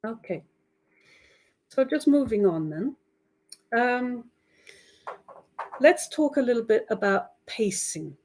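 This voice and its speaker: A woman's voice: a little high, expressive, slow pace, pauses often, darkish tone. Friendly woman presenting a teacher webinar. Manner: friendly, checks in often with "right?" and "okay?", laughs lightly. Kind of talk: online webinar talk to teachers.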